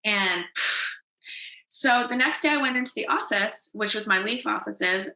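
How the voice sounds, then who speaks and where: Animated Canadian woman telling her story. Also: medium pitch, echoey room, low-quality recording. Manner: lively, animated storyteller acting out her past self. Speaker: podcast guest, author. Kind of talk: storytelling in a casual interview.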